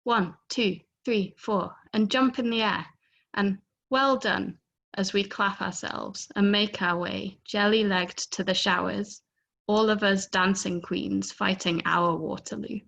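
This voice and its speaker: A woman reading a poem aloud on a video call, giving the quoted lines lively voices. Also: medium pitch, unhurried, gravelly. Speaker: poetry reader.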